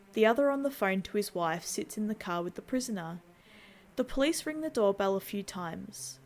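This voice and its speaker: Woman, horror channel host, scripted film recap narration, wry asides, medium pitch. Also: gravelly, slight background noise. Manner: wry asides between plain plot retelling.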